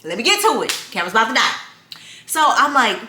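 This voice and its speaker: A young lifestyle vlogger talks straight to her viewers in casual chat, animatedly telling stories. Her voice is on the high side and quick, with background noise in an echoey room.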